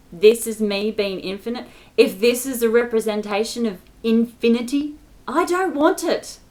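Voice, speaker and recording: A woman in an angry, exasperated rant to camera, swearing often and stressing her words. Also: high voice. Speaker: spiritual vlogger.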